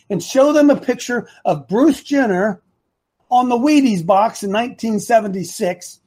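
This live opinion talk show host is a man with a very high, dark, slightly rough voice at normal speed. Talking to his producer and the chat, he rambles and repeats himself to drive points home.

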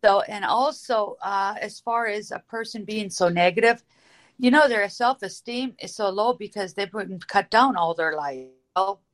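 A woman's voice: mid-range voice, normal speed. A woman calling in to a talk show, earnest and a little rambling. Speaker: caller.

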